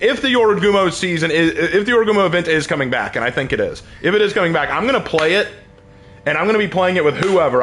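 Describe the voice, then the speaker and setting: A man's voice: a little high, a bit bright. A man streaming a video game, chatting casually to his viewers, rambling and laughing often as he plays. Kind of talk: casual gameplay commentary.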